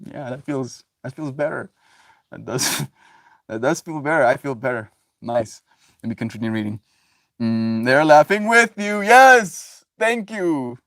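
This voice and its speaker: A man's voice: medium pitch, lively intonation, a little slow, a bit bright, dry recording, clean studio sound. A man livestreaming, musing on love and forgiveness in a rambling way, laughing often as he reads chat. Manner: rambling, laughs often, loose filler-heavy talk. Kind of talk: casual spiritual musing.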